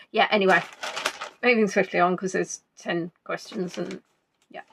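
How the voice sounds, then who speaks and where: A woman's voice: fairly low pitch, steady tone, normal speed, gravelly, pauses often, fairly bright tone, slightly rough. A woman hosting a casual quiz stream, chatty and playful as she reads out viewers' answers. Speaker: quiz host.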